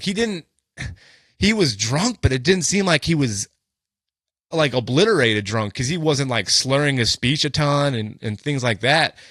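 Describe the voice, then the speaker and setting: Podcast co-host, male, casual storyteller with a bright, forceful voice and a dry, close sound, rambling and swearing freely with plenty of "like" and "you know". His pitch sits in the ordinary middle range. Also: no room sound. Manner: loose and profane, with many fillers like "like" and "you know".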